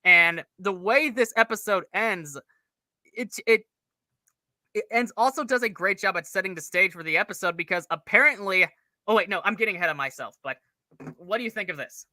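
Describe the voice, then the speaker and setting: Man, co-host, casual review chat, rambling analysis, very bright tense voice, dry sound. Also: high-pitched, moderate pace, no room sound.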